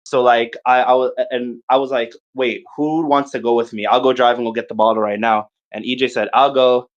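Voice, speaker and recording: Animated young man telling a wild story. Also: medium pitch, fairly quick, muffled recording. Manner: animated, profane, quotes friends in short bursts. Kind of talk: casual storytelling.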